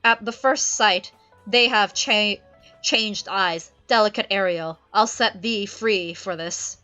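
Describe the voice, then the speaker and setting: A woman voicing Prospero, a stern, scheming old sorcerer father, reading his lines loudly and commandingly. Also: medium pitch, slow pace, soft background music.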